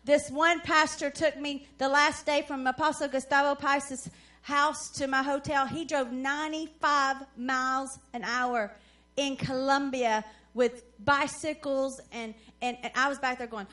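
A woman with a high voice preaches at a conference. She tells her stories with animation and acts out the voices of the people in them. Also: measured pace. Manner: animated storyteller who acts out quoted voices. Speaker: conference speaker. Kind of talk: sermon storytelling.

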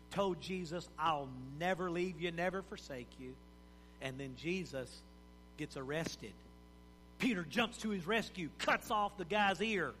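A man with a high voice preaches a sermon in a folksy, animated way, slipping into the voices of the people in his story. His words carry a long reverb from a big church hall. A faint hum runs beneath him. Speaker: pastor.

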